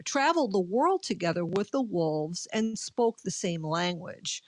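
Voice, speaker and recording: A woman's voice: fairly low pitch, very animated, a little slow, no echo. A woman with a New York accent co-hosting a radio show, reading a news article aloud with frequent fillers and indignant asides. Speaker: radio co-host. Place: radio studio.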